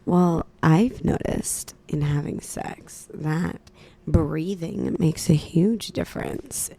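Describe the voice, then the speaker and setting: A woman co-hosting a podcast in a studio, talking in a calm, sarcastic way and guiding listeners step by step. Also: low-pitched, slow pace. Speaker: podcast co-host. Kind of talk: casual chat. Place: radio studio.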